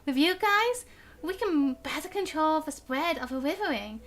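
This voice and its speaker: A young woman streaming a game, reading its dialogue aloud and chatting, bubbly and quick to laugh at her own slips. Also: high-pitched, expressive, a bit bright. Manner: chatty, bubbly, stumbles on words and laughs at herself. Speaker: gaming streamer. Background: game music.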